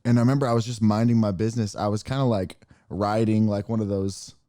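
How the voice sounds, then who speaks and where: A man co-hosting a podcast, telling stories in a rambling, animated way with many fillers. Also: on the low side, fast talker, no echo, clean studio sound. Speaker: podcast co-host. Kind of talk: casual chat, storytelling.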